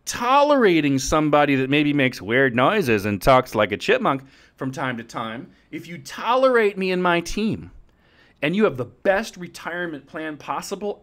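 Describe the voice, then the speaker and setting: A middle-aged man hosting a podcast about financial planning, energetic and jokey, swinging from loud outbursts to hushed asides. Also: on the high side, moderate pace. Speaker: podcast host, financial advisor.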